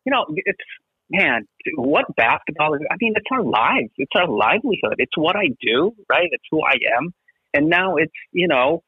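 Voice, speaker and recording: A man's voice: on the high side, husky, no echo. A middle-aged basketball referee, a man, talking earnestly in a podcast interview and often asking "right?". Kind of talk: podcast interview, casual chat. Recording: tinny phone-line sound.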